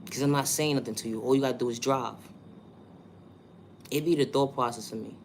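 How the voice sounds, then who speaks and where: A man's voice: medium pitch, steady tone, a little fast, slight background noise. A man with a New York accent, talking through a monologue vlog in an emphatic, repetitive way and asking rhetorical questions.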